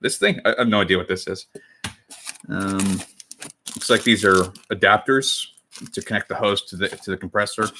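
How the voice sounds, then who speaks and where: A man's voice: fairly low pitch, normal speed, long pauses, sharp tone, a little hiss or hum. A man in his twenties talking casually on a livestream while crafting, rambling and correcting himself as he chats with viewers. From United States. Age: 20s. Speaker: cosplay livestreamer.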